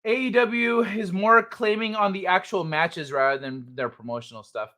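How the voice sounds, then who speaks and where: A man hosts a late-night live stream in a relaxed, profane chat. He acts out funny stories with bursts of sound effects. His voice is high and bright. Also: normal speed. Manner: laid-back, profane, animated storytelling.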